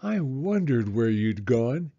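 A man voicing an eager, excitable young boy turtle in a storybook. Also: mid-range voice, slow, muffled recording, heavily acted. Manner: eager, bright exclamations.

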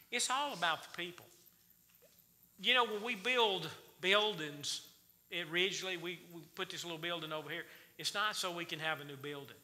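Bright folksy preacher man. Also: a little high. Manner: folksy, quizzes the congregation with questions. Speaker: church teacher. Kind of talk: Wednesday night Bible study sermon. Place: church sanctuary. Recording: reverberant church hall.

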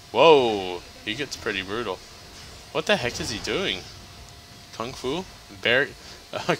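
A man's voice: fairly low pitch, pushed and bright, slight background noise, low-quality recording. A man giving casual, joking let's-play commentary as he plays, chatty and laughing often. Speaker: gameplay commentator.

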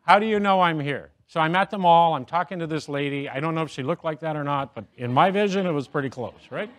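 A man's voice: a little high, fairly bright tone. A middle-aged man giving a humorous, self-deprecating speech to an audience, telling jokes and stories. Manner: joking, self-deprecating storyteller. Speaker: motivational speaker.

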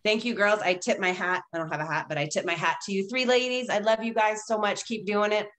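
A woman's voice: medium pitch, steady tone, fast, fairly bright tone. A woman guest in a casual video-call interview, gushing and laughing through wrestling stories.

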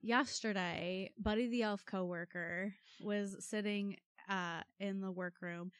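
A woman co-hosting a true-crime podcast, telling the story with wry, animated asides. Her voice sits in a middle pitch. It is recorded close and dry, with no room echo. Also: takes it slowly, smooth. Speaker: podcast co-host.

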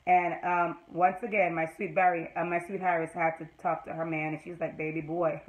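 A woman giving an excited, casual recap of a TV episode, swearing freely and breaking into loud squeals of delight. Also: lowish voice, fairly quick, rough recording. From Jamaica. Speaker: TV episode reviewer.

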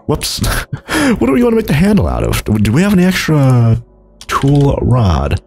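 A young gaming YouTuber narrates his Minecraft let's play, rambling and chuckling, jumping from low mumbles to high exclaims. His pitch swoops wildly at normal speed, with vocal fry and a slightly mellow quality, over slight background noise.

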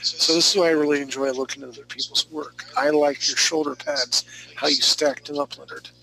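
Yawning and clearly tired, a man leads a live online drawing class, ribbing students as he critiques their work. His voice is high-ish, creaky, pushed and bright, with a flat pitch and a slightly quick pace, and the live stream audio is noisy.

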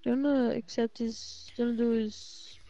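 Quiet young gamer on a muffled mic. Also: male voice, very high voice, level tone, a little fast, faint music behind. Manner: quiet, brief replies. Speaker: co-player. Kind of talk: casual gaming chat.

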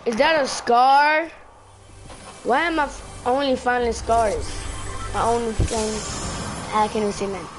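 A woman streaming a game live, chatting to herself and other players with teasing, excitable commentary on a headset. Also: a little high, unhurried, pauses often, faint music behind. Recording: steady noise behind the voice.

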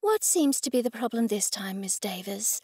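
A woman voicing a calm, patient female veterinarian in an audiobook. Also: medium pitch, normal speed, husky, dry recording, studio quality.

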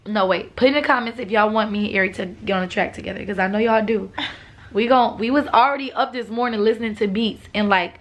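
Young woman vlogger, relaxed and chatty, slightly rough morning voice. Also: medium pitch, fast talker. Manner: relaxed, chatty, laughs often. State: morning voice with a cough. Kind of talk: casual vlog talk to viewers.

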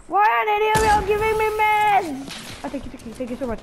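A woman with a high voice narrates her own match in a frantic rush, repeating the same pleas over and over. She sounds like a gaming channel host on a headset mic. Gunshots and game effects crackle loudly behind her. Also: lively intonation, fast talker. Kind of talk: live gameplay commentary. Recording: loud game gunfire under the voice.

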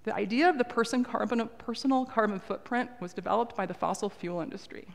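A woman's voice: a little high, fast, vocal fry. Woman talking to a church crowd, earnest and chatty with lots of ums, big echoey sanctuary. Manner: earnest, conversational, with frequent ums. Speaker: lay speaker at a church service. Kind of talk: earnest talk to a congregation. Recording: long reverb of a large hall.

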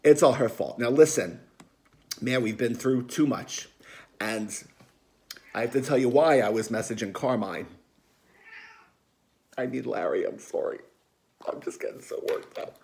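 A man's voice: mid-range voice, measured pace, vocal fry, long pauses, darkish tone. A man playing a gossipy South Philly aunt. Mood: pleading. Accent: Philadelphia. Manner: rambling, chatty, emotional, defensive. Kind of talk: comedic character monologue.

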